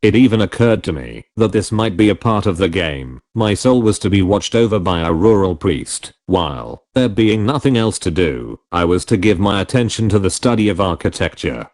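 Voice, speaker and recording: Low expressive guy reading an old novel, lively pitch. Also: moderate pace, hardly any pauses. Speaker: audiobook narrator. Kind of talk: scripted first-person narration.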